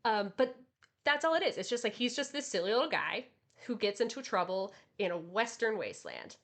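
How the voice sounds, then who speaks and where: A woman co-hosting a casual podcast, talking in a rambling, animated way with many fillers. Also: medium pitch, a little fast. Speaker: podcast co-host. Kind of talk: casual anime chat.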